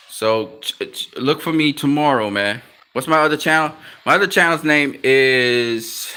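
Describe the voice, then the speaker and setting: Bright-voiced laid-back man chatting. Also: mid-range voice. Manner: laid-back slang, laughs often, trails off. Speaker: YouTube channel host. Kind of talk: casual live-stream chat.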